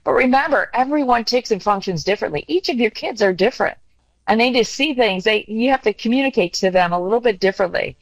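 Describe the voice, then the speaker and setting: An older woman guest giving earnest, heartfelt parenting advice in conversation. She tells animated stories and acts out the quotes. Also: on the high side, fast talker, no echo, low-quality recording.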